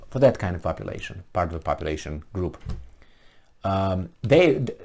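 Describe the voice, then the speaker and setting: A man's voice: low-pitched, lively intonation, moderate pace, creaky, darkish tone. A man giving ranting commentary on a news article, sarcastic, mocking and exasperated. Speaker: political commentator.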